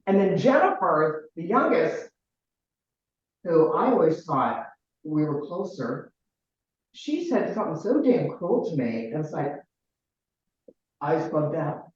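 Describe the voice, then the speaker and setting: A woman in her sixties from Ohio, telling a personal family story in a rambling, halting way with many restarts. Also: low voice, sing-song, a little mellow. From Ohio, United States. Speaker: caller sharing her story. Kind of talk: personal storytelling in a group call. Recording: very echoey, distant, muffled.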